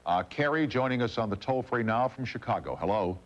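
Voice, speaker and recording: A man hosting a late-night talk show, taking calls and chatting with his guest in a gracious, brisk way. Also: mid-range voice, lively intonation. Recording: dull broadcast audio.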